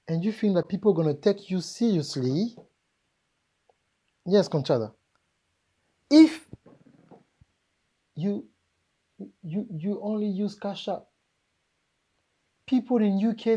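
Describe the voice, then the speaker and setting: This live seminar talk on business comes from a woman with a French accent who jokes with and emphatically addresses her audience. Her voice is medium in pitch with a dark tone, a little slow, and broken by frequent pauses.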